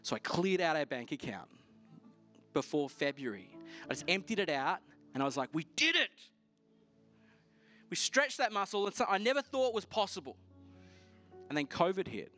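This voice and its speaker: A man preaching a sermon, telling a personal story in a lively, storytelling way, his voice rising sharply at the exciting moments. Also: fairly high pitch, normal speed, pauses often, faint music behind. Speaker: pastor.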